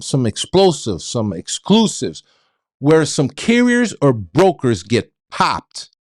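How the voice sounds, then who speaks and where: Male show host, middle-aged, blunt and repetitive, stammers, animated delivery in a dead-dry room. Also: a little high, no echo. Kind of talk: ranting monologue to viewers.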